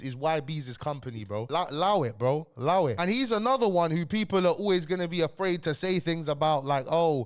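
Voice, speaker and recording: A young man giving blunt, heated reaction commentary, sounding ill. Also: on the high side. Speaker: YouTube commentator.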